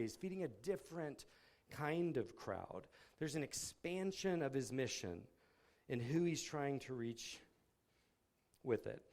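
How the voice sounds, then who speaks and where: A man's voice: fairly high pitch, a little mellow. A man speaking at a campus ministry, giving a casual, conversational sermon with folksy, explanatory asides.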